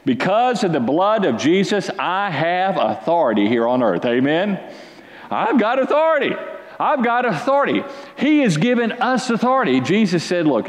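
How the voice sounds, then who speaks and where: A man preaching a sermon, reading scripture and calling for responses from the congregation, swinging between loud exhortation and quiet asides. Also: fairly high pitch, roomy sound, long reverb tail. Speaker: pastor.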